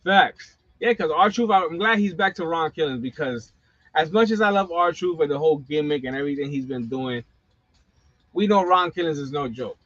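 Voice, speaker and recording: A middle-aged man hosting a wrestling channel rants casually and profanely on a live stream, tossing in lots of slang asides. His voice is a little high and a bit bright, in a dry recording with dull lo-fi sound.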